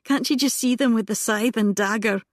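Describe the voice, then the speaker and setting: A woman voicing a wry, smitten young gentleman who speaks in a dry, understated way. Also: fairly high pitch, normal speed, no room sound, pitched above the performer's own voice, close to an everyday voice.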